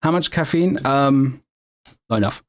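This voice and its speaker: An unhurried man with a medium-pitched voice hosts a laid-back livestream, answering viewers. He rambles, corrects himself, and laughs often.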